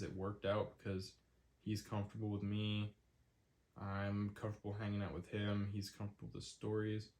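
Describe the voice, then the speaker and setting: A man's voice: lowish voice, a little mellow. A young man hosting his own podcast in casual solo chat, rambling with lots of "um"s and a stuffy nose. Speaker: podcast host.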